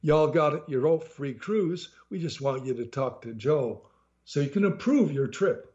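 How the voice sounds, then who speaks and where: A pale, lanky clerk of few words, as a man reading aloud plays him, muttering flatly and unhurriedly. The recording is a little dull. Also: on the high side, measured pace.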